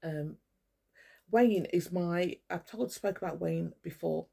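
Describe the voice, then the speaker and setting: Slow and deliberate, her fairly low voice comes across creaky yet warm. The older woman vlogs to camera in a rambling, furious rant, cursing constantly and singling out people by name to address them head-on.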